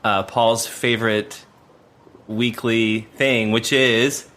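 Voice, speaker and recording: A man's voice: mid-range voice, flat delivery, takes it slowly, fairly bright tone. A man producing a podcast, chatting casually and rambling with lots of fillers and restarts. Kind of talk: casual chat.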